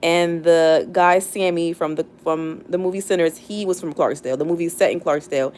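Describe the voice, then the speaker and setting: A young woman talks casually on a live stream, thinking aloud with plenty of fillers and restarts. Her voice sits a little low for a woman, and her talk stays loose and conversational throughout. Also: steady tone, brisk, a little mellow. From United States, not the South. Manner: chatty and reflective, many fillers and restarts. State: near tears. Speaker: livestream host.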